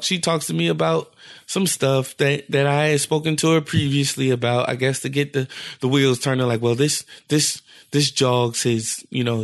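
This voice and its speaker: A man's voice: a little high, vocal fry. A young man, a podcast co-host, telling a rambling story and acting out the quotes in casual chat. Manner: animated, rambling, acts out quotes.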